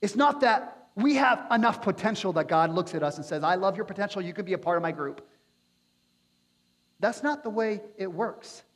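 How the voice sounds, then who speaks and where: A male pastor preaching a sermon with passion, building to near-shouts at his high points. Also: expressive, normal speed. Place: church sanctuary. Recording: long hall reverb.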